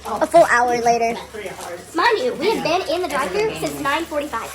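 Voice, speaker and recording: A young woman telling a funny personal story and acting out the people in it with animated quoted voices. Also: high-pitched, a little fast, a crowd in the background.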